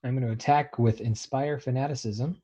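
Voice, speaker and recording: A man plays his turn in a tabletop game, describing his character's actions in a loose, rambling way and laughing often. His voice sits at a middle pitch and comes through a dull, muffled lo-fi mic. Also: fairly even intonation, brisk, mellow, husky. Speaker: player.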